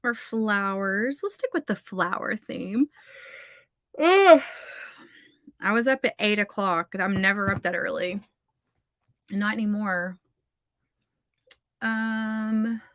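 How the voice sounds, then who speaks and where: A woman's voice: mid-range voice, measured pace, long pauses, fairly bright tone, dry recording, clean studio sound. A woman, hosting a livestream of writing sprints in a chatty way and reading out viewer comments. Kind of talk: casual livestream chat.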